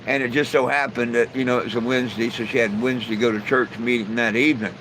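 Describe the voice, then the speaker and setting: A man's voice: medium pitch, fairly even intonation, fast, fairly bright tone, a little hiss or hum, low-quality recording. A man hosting a live stream, telling jokes in a folksy, rambling way with lots of "you know". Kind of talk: casual joke telling.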